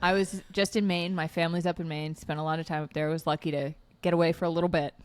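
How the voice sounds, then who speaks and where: A woman co-hosting a podcast, chatting casually and joking with quick asides. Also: lowish voice, steady tone, clear, resonant tone. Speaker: podcast co-host. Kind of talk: casual chat.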